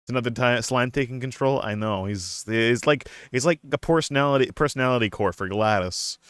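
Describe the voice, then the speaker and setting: A man's voice: mid-range voice, a little fast, fairly bright tone, clean tone, no echo, studio quality. A young man chatting casually on a live stream, playful and laughing often, slipping into a silly put-on accent.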